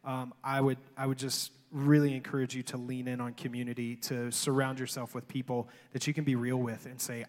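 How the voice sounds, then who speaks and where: A man pastor talks in a relaxed, easygoing way, dropping frequent ums and quick jokes. His voice sits at a middle pitch. A long reverb from a big church hall trails behind him. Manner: relaxed, joking, many ums. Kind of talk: church Q&A hosting.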